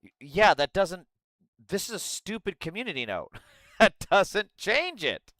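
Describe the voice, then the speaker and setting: A profane, sarcastic man rants on his livestream into a close mic. His voice is bright and clear, with a wildly swinging pitch. The sound is dry, with no room around it. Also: wildly swooping pitch, a little slow, no room sound. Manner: profane, sarcastic, yelling outbursts. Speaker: livestream host. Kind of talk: ranting livestream commentary.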